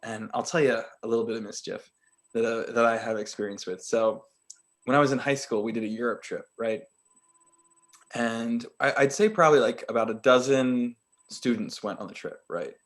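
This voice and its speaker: Animated laughing male podcast storyteller. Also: mid-range voice, normal speed. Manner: animated, laughs often while telling a story. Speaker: podcast co-host. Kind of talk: casual chat storytelling.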